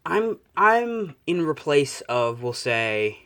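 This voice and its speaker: A man's voice: on the high side, big pitch swings, slow pace, a bit bright. Young man, improvised storytelling, rambling, self-correcting, casual swearing. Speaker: fan-fiction storyteller.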